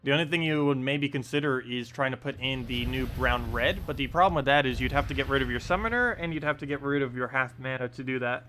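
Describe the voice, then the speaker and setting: A young American man with a New Jersey accent streams a game, giving casual, rambling commentary full of ums and uhs and chuckling at himself. His mid-range voice is pushed and bright, he talks quickly with few pauses, and soft music plays in the background.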